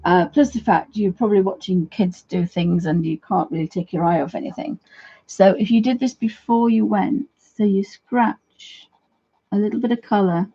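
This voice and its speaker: Mellow, husky woman teaching watercolours. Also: mid-range voice, fairly even intonation, moderate pace, muffled recording. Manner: chatty, friendly asides to viewers, trailing restarts. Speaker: art tutor, livestream host. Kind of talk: casual live craft demonstration.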